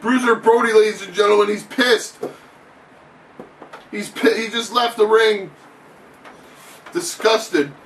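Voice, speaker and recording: Man, mock wrestling play-by-play, excitable announcer patter, lots of swearing, roomy echo, faint background hiss. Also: high voice, slow pace, long pauses, recorded from a distance. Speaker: channel host. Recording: echoey room, off-mic, faint noise.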